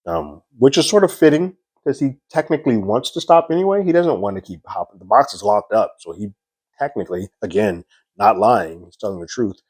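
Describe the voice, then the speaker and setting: Low, husky-voiced man reviewing TV. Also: expressive, fairly quick, a little mellow, no echo. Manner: loose, conversational retelling with frequent fillers. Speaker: TV series reviewer. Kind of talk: casual episode recap and review.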